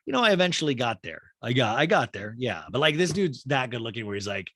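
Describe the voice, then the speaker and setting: A young man recaps a reality show in a relaxed, joking way. His pitch swings widely as he acts out the cast's lines in exaggerated voices. He sounds dry and close to the mic. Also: fast talker, no echo. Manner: animated, acts out quotes in exaggerated high voices. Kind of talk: casual comedic recap.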